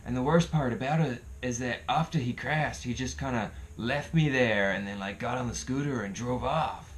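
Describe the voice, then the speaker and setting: A man's voice: mid-range voice, moderate pace, pitched above the performer's own voice, lightly acted, rough recording. A man voicing an injured, laid-back young man who recounts a crash matter-of-factly. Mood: casual.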